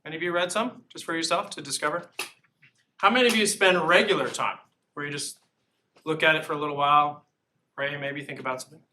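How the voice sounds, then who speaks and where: A man's voice: a little high, fairly even intonation, fast, sharp tone. A man giving a live philosophy lecture to students, joking and asking the audience questions. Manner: jokey, engaging, asks the audience questions. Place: lecture room. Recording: distant mic with faint noise.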